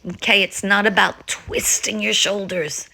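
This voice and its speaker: A woman's voice: medium pitch, fairly even intonation, unhurried, creaky, pushed and bright. An older woman giving a casual Pilates and kettlebell lesson at home, chatting, laughing often and switching between French and English. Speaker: Pilates and ballet instructor. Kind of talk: casual exercise instruction. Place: home, France.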